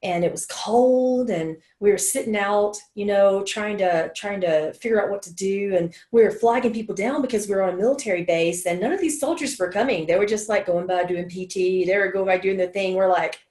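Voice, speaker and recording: A woman's voice: mid-range voice, brisk, darkish tone. Woman telling a heartfelt story in a casual chat, roomy echoey sound. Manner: storytelling, emotional, quoting others. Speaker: co-host.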